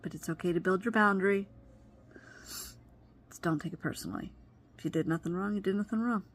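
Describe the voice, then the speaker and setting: Earnest lower-voiced woman vlogger. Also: fairly even intonation, a little fast. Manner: earnest, reflective, advice-giving; wandering, loses train of thought. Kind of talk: personal vlog monologue.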